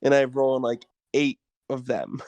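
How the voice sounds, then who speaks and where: Brief: mid-pitched player, gleeful and sweary, dry close sound. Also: moderate pace, a little mellow, dry recording. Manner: gleeful and profane. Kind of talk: playing a tabletop game.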